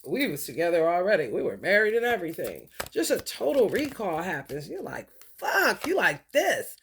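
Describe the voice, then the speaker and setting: A woman in a profane, confrontational spiritual monologue, swinging between low mutters and loud outbursts. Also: sing-song, brisk, a little hiss or hum. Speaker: vlogger.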